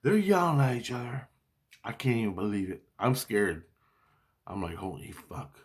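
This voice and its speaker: A man telling a personal story in a casual, rambling monologue, excitable and profane, repeating his exclamations. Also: medium pitch, moderate pace.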